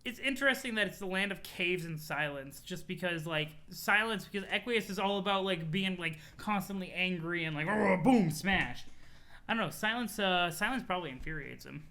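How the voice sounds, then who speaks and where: A man streaming a webcomic read-through, reacting casually and excitedly, often saying "yo". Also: sits high, fairly quick, few pauses. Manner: excitable, laughing, says "yo" a lot.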